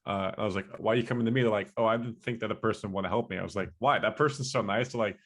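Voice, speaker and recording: A man's voice: fairly low pitch, racing, fairly bright tone. A man hosting a podcast interview, casual and enthusiastic, telling anecdotes. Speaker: podcast host.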